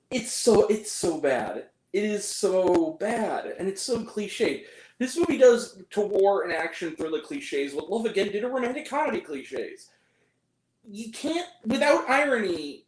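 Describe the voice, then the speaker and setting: A man giving a casual, animated movie review, mocking the film with quick impressions of its lines. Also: sits high. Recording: roomy echo.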